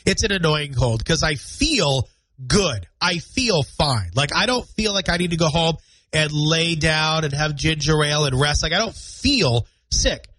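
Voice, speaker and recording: Congested, husky-voiced male radio host. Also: a little high, expressive, unhurried, pushed and bright, dry recording, rough recording. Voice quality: nasal, congested. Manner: chatty and self-deprecating, rambling. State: stuffy nose and scratchy throat from a cold. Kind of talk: solo morning radio talk. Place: radio studio. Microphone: studio microphone.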